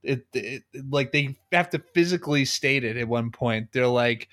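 A man's voice: mid-range voice, moderate pace, a bit bright, no echo. A man co-hosting a casual podcast chat, recapping a movie's plot with lots of "like" and frequent laughter. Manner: laughs often, fillers of like. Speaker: podcast co-host.

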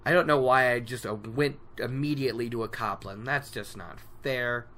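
A podcast host recapping a story in a casual, animated way, laughing often and poking fun at themselves. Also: medium pitch, moderate pace.

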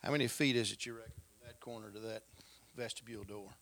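A man preaching a lively sermon in a folksy, emphatic way, swinging between loud stresses and quiet asides. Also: on the low side, quick pace, vocal fry, slight background noise.

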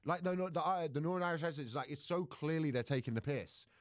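A man's voice: on the high side, fast, no echo, clean studio sound. A man telling a story on a podcast, with stumbling restarts and easy laughter. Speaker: comedian and podcast co-host. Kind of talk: casual podcast banter.

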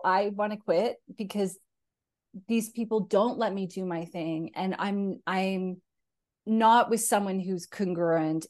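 A woman's voice: medium pitch, darkish tone. Reflective woman podcast host. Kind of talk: casual conversation.

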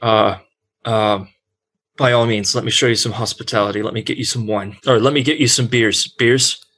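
A man's voice: mid-range voice, steady tone, normal speed, a bit bright, natural voice. A man voicing a nervous, jittery male dwarf innkeeper who stammers and fumbles his words. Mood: flustered. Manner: stammering, flustered.

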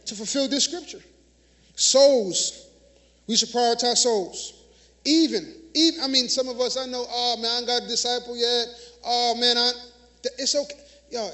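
High-voiced emphatic male preacher. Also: bright, forceful tone. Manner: emphatic, call-and-response preaching. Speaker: minister. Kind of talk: sermon. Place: church.

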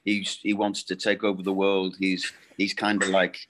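Deep-voiced man, rambling interview guest. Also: completely flat delivery, background noise. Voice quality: deep, low voice. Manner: rambling, halting and self-correcting. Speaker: voice actor guest. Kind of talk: casual interview chat.

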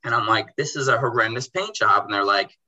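Bright-voiced young man telling stories. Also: on the low side, fairly quick, rough recording. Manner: animated, acts out dialogue in quotes, says bro and dude. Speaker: car detailing business owner. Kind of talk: casual storytelling in a podcast chat.

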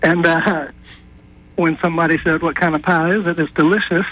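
A man calling in to a radio show. He talks in a rambling, hesitant way, with a slightly high voice. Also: fairly even intonation, a little fast, fairly bright tone, poor audio. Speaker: caller. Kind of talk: call-in radio chat.

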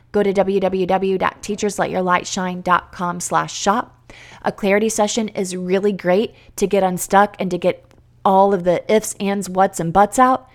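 A woman in her thirties talks straight to her listeners on her own podcast, earnest and encouraging. She rolls from one question to the next in long eager lists. Her voice sits at an ordinary middle pitch. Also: little pitch movement, normal speed, darkish tone. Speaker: podcast host and homeschool coach. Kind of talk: energetic solo podcast talk with a promo.

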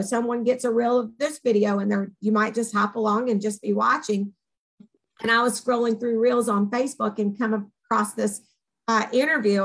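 A woman with a Southern accent, co-hosting a casual talk show and telling stories in an animated, rambling way. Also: fairly high pitch, creaky, rough recording. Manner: animated, upbeat, rambling storyteller. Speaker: podcast co-host, organization co-founder. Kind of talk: casual chat.

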